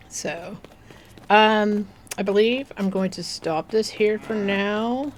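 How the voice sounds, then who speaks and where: A woman's voice: medium pitch, steady tone, slight background noise. A woman giving casual gameplay commentary, chatting to the game's animals in a cooing voice and sometimes dropping to a near-whisper. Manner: slow, unhurried, drifts into soft near-whispers. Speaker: gaming video creator.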